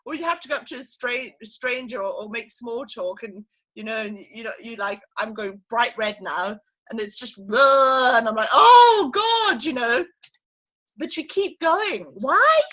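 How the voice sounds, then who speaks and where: Bright, husky high-voiced woman. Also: moderate pace, poor audio. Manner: animated, emphatic, acts out little scenes. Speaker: sales team leader. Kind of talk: motivational training talk. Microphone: video call.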